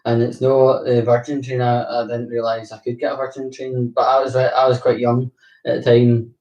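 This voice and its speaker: This young man from Glasgow, Scotland, is a vlogger talking casually to viewers, rambling along with swearing and frequent laughter. His voice is mid-range and dark in tone, level and at a moderate pace. It's recorded from a distance, sounding roomy.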